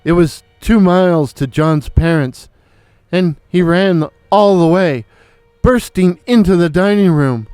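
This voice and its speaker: A man telling an original horror story in a slow, deliberate, theatrical way, as host of his own channel. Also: sits high, a little mellow, clean tone, no echo, faint music behind. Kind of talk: dramatic horror story narration.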